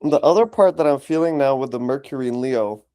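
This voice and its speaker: A man calmly explaining an astrology chart in a casual consultation. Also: medium pitch, a little fast, clean tone, no room sound. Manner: calm, explanatory, lists things in runs. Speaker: astrologer host.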